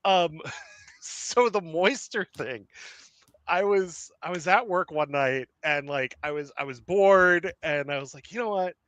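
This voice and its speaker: Slow, bright-voiced rambling male host. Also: a little high, no room sound. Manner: rambling, lots of fillers and laughs. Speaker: podcast host. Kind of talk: casual chat.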